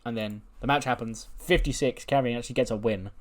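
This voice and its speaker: A man's voice: mid-range voice, fast talker. Chatty storytelling game host, a man. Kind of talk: let's play commentary, storytelling.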